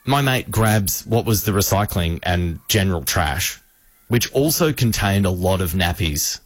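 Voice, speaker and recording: Low-voiced man telling a story. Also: unhurried, no echo. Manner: animated, acts out the people in his story. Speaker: radio host. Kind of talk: storytelling on radio chat.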